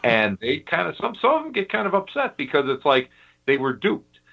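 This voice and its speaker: A man's voice: on the high side, very animated, a little fast, gravelly. A man from Western New York, a guest telling a funny story on a podcast, laughing as he goes. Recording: dull lo-fi audio.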